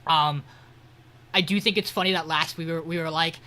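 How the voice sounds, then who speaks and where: A man's voice: a little high, fairly even intonation, normal speed, bright, forceful tone. A man co-hosting an anime podcast, recapping an episode in loose, profane, filler-heavy chat. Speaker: podcast co-host reviewing anime.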